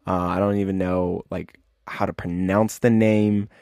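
Man, lowish voice, dry close sound, rambling casual recap, lots of fillers, eager fan, occasional cough. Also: little pitch movement, a little slow, gravelly, a little mellow, clear, resonant tone, no room sound. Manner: rambling, many fillers and restarts; enthusiastic fan. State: keeps coughing. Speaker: show recap host. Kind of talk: casual unscripted breakdown.

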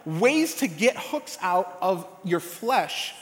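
A man with a slightly raised pitch preaches in a loose, conversational way, full of "uh"s, "like"s and restarts. His voice rings through a large echoey church hall with a long reverb tail. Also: sing-song, slow pace. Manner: casual, rambling storytelling with many fillers and restarts. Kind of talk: sermon with a personal story.

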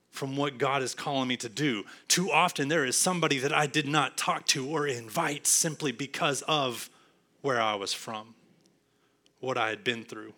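A man from Texas with a Texan accent, preaching a sermon earnestly, going from emphatic to hushed. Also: medium pitch. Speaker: pastor.

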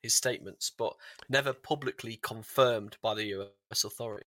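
A man's voice: on the low side, a little fast, a crowd in the background. A man co-hosting a casual podcast, dropping short wry remarks and reading his notes with small hesitations. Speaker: podcast co-host.

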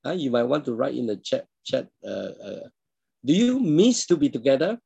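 A male pastor delivers a sermon in a measured teaching tone, pitched around the middle for a man. He often clears his throat and puts questions to his listeners. The sound is dry and close, with no room echo. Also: very animated, mellow, lo-fi sound. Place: online church service.

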